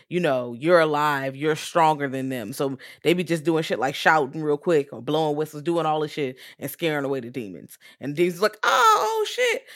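A woman co-hosting a podcast in casual chat, cracking blunt jokes and throwing in playful sound effects. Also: very deep voice. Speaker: podcast co-host.

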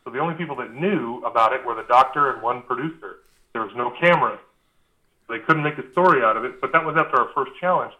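A man's voice: medium pitch, fast talker, dull audio. A man as a podcast guest, telling a long anecdote in a casual, rambling way with lots of fillers and restarts. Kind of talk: casual storytelling.

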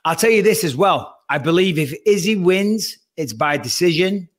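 A man in casual podcast chat, breaking down a fight in an animated, emphatic way and swearing freely. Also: high voice, normal speed.

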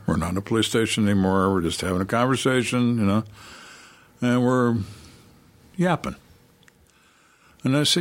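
Husky, lively low-voiced man. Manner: animated, acts out the people in his stories. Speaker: former police interrogator. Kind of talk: casual storytelling interview.

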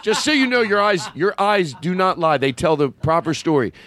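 Male comic host, fairly high and lively, joking and laughing, dry mic. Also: normal speed. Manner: animated, laughing. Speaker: podcast host. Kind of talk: comedic banter.

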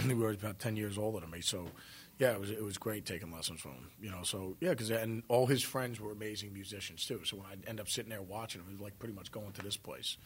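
A guest musician from New Jersey chats casually in an interview, his voice fairly low and fast against slight background noise. He rambles, swears freely, and laughs often as he tells stories.

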